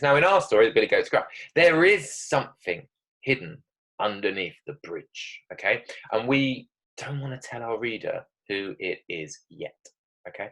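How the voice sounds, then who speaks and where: Teacher guy doing a video writing lesson, lowish voice, keeps saying okay, reads examples all dramatic. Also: poor audio. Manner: lively, emphatic, checks in with "okay?"; dramatic reading of example text. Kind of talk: recorded online writing lesson.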